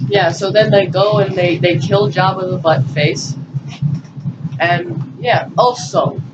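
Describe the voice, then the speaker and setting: A man's voice: high voice, slow. A teenage boy giving a goofy, profane movie recap, acting out characters in silly voices. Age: teens. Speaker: storyteller. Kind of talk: rambling comedic movie recap. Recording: distant muffled mic with loud noise.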